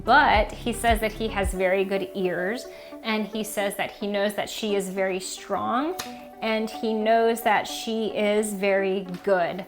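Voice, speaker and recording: A woman in a middle pitch talks through a children's book like a teacher, loose and chatty, peppering her speech with "um" and "like". Faint music plays softly underneath her. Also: steady tone, takes it slowly. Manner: chatty, many fillers like "um" and "like". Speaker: reading teacher. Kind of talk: casual explanation of a picture book.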